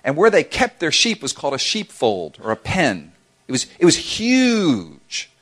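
A man's voice: fairly high pitch, measured pace. A middle-aged man preaching a sermon as a pastor, telling stories with playful asides. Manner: animated storytelling with playful asides.

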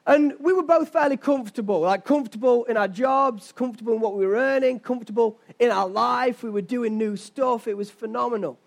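A man's voice: extremely high pitch, fairly quick, vocal fry, few pauses. A young man preaching a sermon as pastor, telling stories and asking his listeners rhetorical questions. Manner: conversational storytelling with rhetorical questions.

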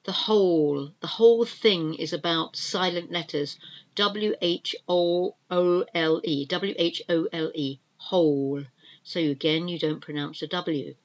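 A woman who is an English teacher hosts a language-learning podcast, pronouncing words carefully and spelling them letter by letter. Her voice is lowish and unhurried, and the highs are cut off.

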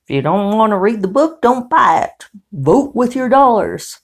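A woman's voice: a little high, expressive, normal speed, voice pushed up. A woman putting on a rural Southern American accent to play a blunt folksy person who says to vote with your dollars. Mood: scolding. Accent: rural Southern US put-on.

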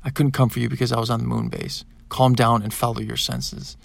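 A man's voice: medium pitch, level tone, brisk, creaky, dry recording. A man voicing a blunt, commanding old reptilian grandfather in an audiobook. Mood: stern.

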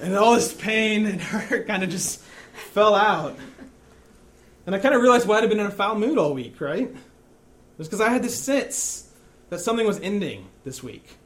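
A man's voice: high voice, lively intonation, normal speed, fairly bright tone. Conversational man preaching a sermon. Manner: conversational, self-deprecating storytelling with frequent 'okay?' and 'right?'.

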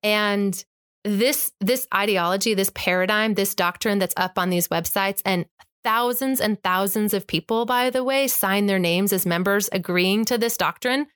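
As a guest in conversation, an emphatic, impassioned woman with an eight-year-old child tells a personal story and acts out the exchanges. Her medium-pitched voice is fairly bright, clear and resonant at normal speed, in a dry recording with clean studio sound.

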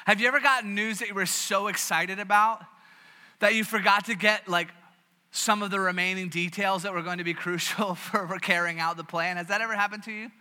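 A man's voice: high voice, a little fast. A man from the American South preaching a sermon, telling stories with animation and frequent restarts. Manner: animated storytelling with many restarts. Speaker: pastor. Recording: long reverb of a large hall.

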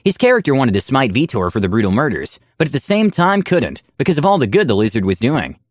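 A man's voice: mid-range voice, big pitch swings, fast talker, no echo, clean studio sound. A man narrating a tabletop game story in a dramatic storytelling manner.

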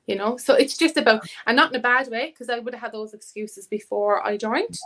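A woman's voice: on the high side, fairly quick, hardly any pauses, fairly bright tone. Chatty woman, laughing. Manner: chatty, laughs often, acts out quotes. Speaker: fitness academy student, guest. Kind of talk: casual podcast chat.

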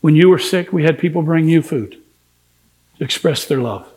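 A man preaches an earnest, emphatic sermon as pastor, acting out the words of biblical figures when he quotes them. His voice is on the high side and a little mellow, at a normal speed.

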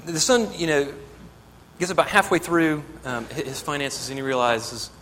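A man's voice: on the high side, animated, moderate pace, fairly bright tone, a little hiss or hum. Earnest male pastor preaching in a hall. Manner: earnest, rising to emphatic exhortation. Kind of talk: sermon.

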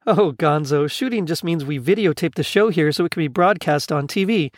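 A man reading the lines of a gentle, patient young actress who explains things kindly. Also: on the high side, a little fast, dry recording, clean studio sound, lightly acted.

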